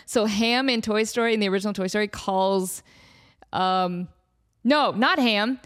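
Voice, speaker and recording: A woman with a medium-pitched, smooth voice talks a little slowly. Hosting a comedy podcast, she rambles through a silly made-up story, animated and laughing often as she acts out bits in silly voices.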